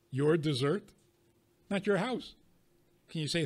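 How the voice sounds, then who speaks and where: A rabbi giving a teaching talk to an audience, leaning on rhetorical questions and wry everyday examples. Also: male voice, fairly high pitch, slow pace, pauses often.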